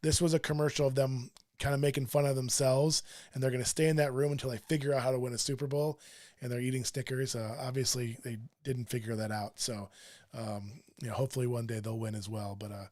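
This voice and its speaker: A man's voice: mid-range voice, flat delivery, quick pace, darkish tone. A middle-aged man hosting a sports show, chatting casually through a countdown list, rambling with lots of fillers and self-deprecating asides.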